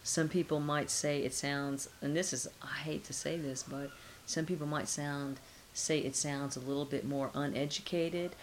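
Low-voiced middle-aged woman musing aloud. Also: normal speed, slight background noise, rough recording. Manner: relaxed, musing, trailing off with rhetorical questions. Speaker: interviewee. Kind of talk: casual conversational interview.

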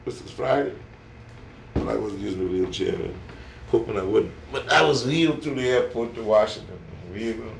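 Gravelly older man, rambling and folksy. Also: lowish voice, normal speed, crowd noise. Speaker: interviewee. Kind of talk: casual dialect interview. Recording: echoey room, distant mic, noisy.

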